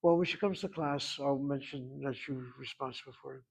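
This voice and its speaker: A man's voice: medium pitch, brisk, gravelly, husky. A man teaching a Hebrew class, explaining word forms at length with digressions and drilling pronunciation. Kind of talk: classroom grammar lesson.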